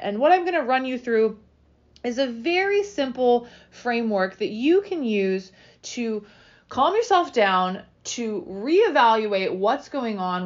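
A woman in her thirties hosting a solo podcast, coaching athletes in an energetic, direct, motivational way. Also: on the high side, dull audio. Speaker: podcast host and roller derby fitness coach.

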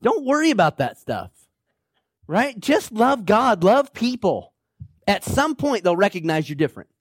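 A man's voice: sits high, sing-song, unhurried, husky, dry recording, clean studio sound. A man preaching a sermon as pastor, emphatic and exhorting, rallying listeners with "come on now".

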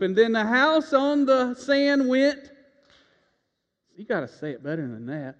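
A man's voice: sits high, very animated, unhurried. A man preaching a sermon in a church, telling a folksy personal story and leading the congregation in call-and-response. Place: church sanctuary. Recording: reverberant church, dull lo-fi sound.

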